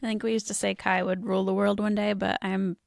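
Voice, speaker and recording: A woman's voice: mid-range voice, little pitch movement, fast, vocal fry, no echo, studio quality. A woman in her thirties co-hosting a podcast, chatting casually with lots of "um" and "like". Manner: chatty, uses many fillers like "um" and "like". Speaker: podcast co-host.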